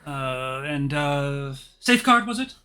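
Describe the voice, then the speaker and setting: Anxious elf wife, high and pleading, voiced by a man. Bright tone. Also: sing-song, takes it slowly, clean tone, heavily acted. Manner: fretful, pleading.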